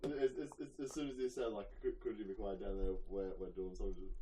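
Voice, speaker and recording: A man's voice: on the low side, fast talker, very noisy. A man in casual chat, chuckling as he talks. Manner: giggly, chuckling while speaking.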